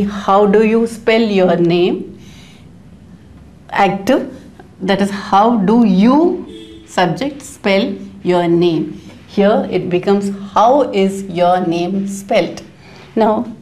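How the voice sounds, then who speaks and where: Middle-aged female teacher, grammar lesson, slow and deliberate, mid-pitched, patient questioning delivery. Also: darkish tone. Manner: slow, careful explaining with rhetorical questions.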